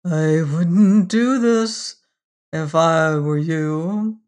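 A fussy, pettish devil with a sly, mocking edge, as a narrator reads him in a storybook. The lines come slow and deliberate, a touch raised above the plain narration. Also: mid-range voice, a little mellow. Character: petulant scheming devil with talons. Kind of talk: audiobook reading.

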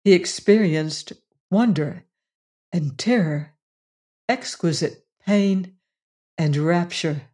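A woman narrates a novel for an audiobook. Her reading is measured and expressive, unhurried and slow. Her voice sits fairly low. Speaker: audiobook reader. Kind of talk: scripted narration.

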